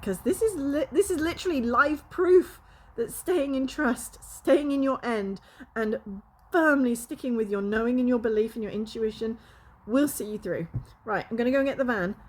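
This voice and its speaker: Woman vlogger, fiery and emotional, high bright voice, swears and laughs a lot. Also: moderate pace. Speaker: spiritual coach and vlogger. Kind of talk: casual vlog talk to camera.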